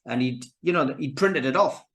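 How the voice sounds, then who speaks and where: A Geordie man from North East England chats casually as a podcast guest, often restarting his sentences and dropping in "you know, mate" when addressing the host. His voice sits in the mid range, fairly bright, at a normal speed.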